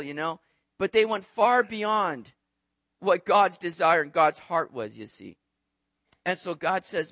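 High-voiced man preaching animatedly. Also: measured pace, dry recording, studio quality. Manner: animated, conversational preaching with rhetorical asides. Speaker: pastor. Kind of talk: sermon.

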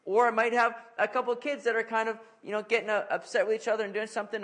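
Earnest conversational male pastor, higher voice. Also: quick pace. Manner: conversational, relatable asides with family stories; earnest, animated in anecdotes. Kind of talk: expository sermon.

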